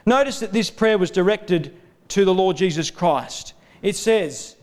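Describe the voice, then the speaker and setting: A man preaching a sermon in a steady, rhythmic cadence, building lists of parallel phrases. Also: high-pitched, unhurried.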